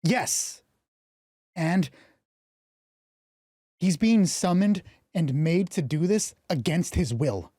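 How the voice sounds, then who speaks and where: A man narrating and rolling dice for a solo tabletop game stream, excitable and swearing freely, his voice getting hoarse. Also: on the high side, takes it slowly, pauses often, no room sound, studio quality. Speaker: game master.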